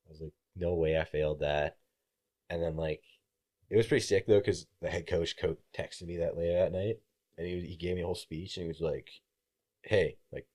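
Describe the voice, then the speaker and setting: Deep-voiced young man telling a story. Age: young adult. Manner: animated, acts out quoted voices, swears freely. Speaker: podcast guest, college baseball player. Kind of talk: casual storytelling.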